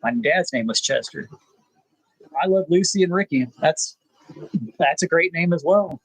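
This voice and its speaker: A man, hosting a rambling live chat with viewers, pausing often with "uh". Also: on the high side, lively intonation, husky, no echo, low-quality recording. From South Texas. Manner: laid-back, rambling, frequent "uh" pauses. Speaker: channel host.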